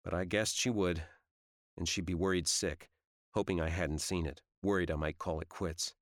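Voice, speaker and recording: A man reading a first-person audiobook in a low-key, measured way. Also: fairly even intonation, no room sound, clean studio sound. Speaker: audiobook narrator.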